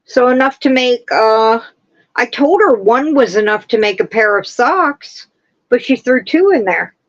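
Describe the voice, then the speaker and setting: A woman hosting a casual livestream, chatting and gushing with excitement. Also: fairly high pitch, a little slow, dull audio. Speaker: livestream host. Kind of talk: casual chat.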